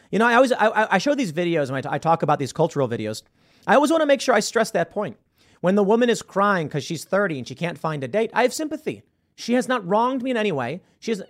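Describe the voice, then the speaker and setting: Animated male podcast host, emphatic. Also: on the high side. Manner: emphatic, argumentative, repeats words when restarting. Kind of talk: opinion commentary.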